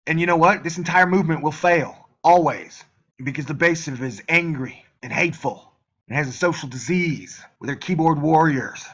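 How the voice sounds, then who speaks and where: Ranting heatedly and profanely to camera on his own YouTube channel, a man occasionally mimics the voices of his critics. He speaks at a moderate pace in a somewhat high, slightly bright voice, and the recording is muffled.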